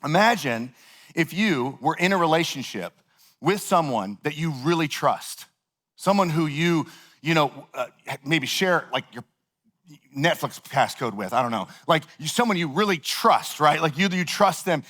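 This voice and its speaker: Male pastor with a somewhat high voice, loose and chatty, storytelling sermon. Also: a little slow. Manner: animated, conversational, heavy use of "like".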